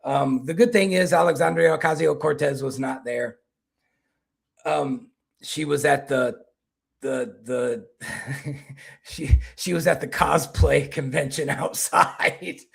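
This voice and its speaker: Kentucky man, raised pitch, gravelly, rambling talk-show host. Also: takes it slowly, pauses often. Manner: rambling, repeats and restarts words. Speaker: political commentary host. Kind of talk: casual political commentary.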